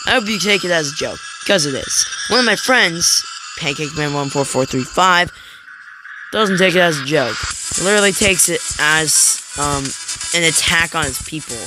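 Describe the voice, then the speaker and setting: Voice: medium pitch, lively intonation, normal speed. A streamer chatting casually and jokingly with viewers while playing a game, rambling from one topic to the next. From United States. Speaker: live streamer. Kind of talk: casual live-stream chat while gaming. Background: game music.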